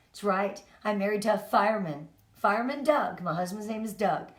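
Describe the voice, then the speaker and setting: A middle-aged woman giving an energetic, emphatic motivational talk to her sales team. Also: medium pitch, normal speed, hardly any pauses. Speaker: team leader. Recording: echoey room.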